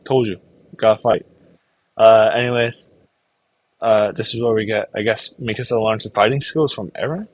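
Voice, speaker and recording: A man's voice: on the low side, fairly even intonation, dry recording, rough recording. A young man casually recapping an anime, rambling and briefly acting out the characters. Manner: rambling, acts out characters in quick put-on voices. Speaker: anime reviewer.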